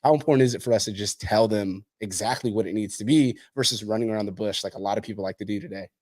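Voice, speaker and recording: Man, interview host, fast talk, lowish voice, blunt, swears a lot. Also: a little mellow, no room sound, studio quality. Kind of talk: casual interview chat.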